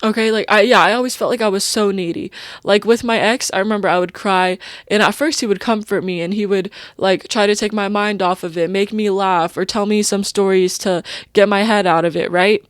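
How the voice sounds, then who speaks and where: Speaking briskly in a steady, mid-range voice, this young podcast host opens up emotionally in a casual confessional monologue. Her thoughts spill out stream-of-consciousness style, peppered with "like" and "you know." The sound is dry and clean, from a studio.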